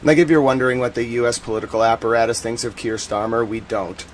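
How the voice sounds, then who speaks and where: A man from the United States hosting a live stream, talking in a rambling, slangy way with bursts of loud indignation. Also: medium pitch, fairly even intonation, quick pace, slight background noise. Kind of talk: casual live-stream commentary.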